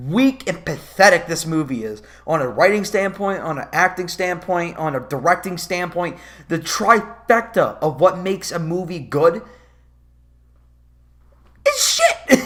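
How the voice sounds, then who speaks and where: A man's voice: high voice, big pitch swings, unhurried, a bit bright. A man giving a profane, sarcastic commentary rant about a movie, sounding exasperated. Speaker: movie reviewer.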